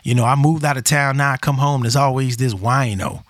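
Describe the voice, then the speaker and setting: A man's voice: medium pitch, a little fast, no echo, natural voice. A man voicing a male stand-up comedian inside a joke he retells, sounding fed up and disbelieving. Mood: exasperated.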